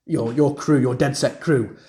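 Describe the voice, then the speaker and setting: A man's voice: mid-range voice, fairly even intonation, unhurried, mellow. A young man rambling through a casual video game review rant, repeating himself and using lots of fillers.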